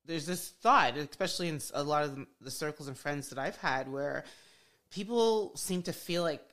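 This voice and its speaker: A woman hosts a podcast interview in a low-pitched voice. She reflects on her own experience and affirms her guest warmly in her words, then moves the talk along. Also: normal speed. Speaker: podcast host.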